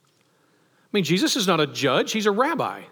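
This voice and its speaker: Male preacher, slightly high voice, chatty emphatic sermon delivery, recorded with long reverb in a hall. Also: very animated, normal speed, pushed and bright, husky. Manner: conversational, with rhetorical questions and emphatic asides.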